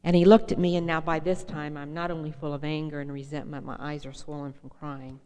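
A woman's voice: low voice, little pitch movement, a little fast, dark tone, slight background noise. A woman giving an emotional, earnest personal testimony from a podium at a meeting. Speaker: speaker sharing her recovery story at a meeting. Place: hall with a podium. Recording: long hall reverb.

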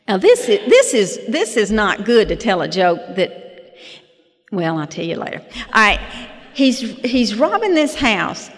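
A woman's voice: medium pitch, wildly swooping pitch, a little slow. A woman in her fifties sharing her personal story at a recovery meeting, folksy and self-deprecating, with chuckling asides. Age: 50s. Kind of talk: personal testimony with humorous storytelling. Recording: long hall reverb.

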